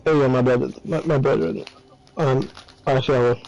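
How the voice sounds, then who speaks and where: An easygoing man chats with his gaming friends in a mellow voice. The sound is dull and lo-fi, like a voice chat line. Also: mid-range voice, steady tone, brisk, a little hiss or hum. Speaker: co-player.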